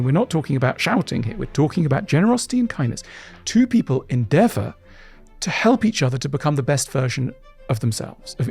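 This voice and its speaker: Animated middle-aged man with a husky voice. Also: mid-range voice. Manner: animated, acts out voices in quotes. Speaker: guest author. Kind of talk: interview answers.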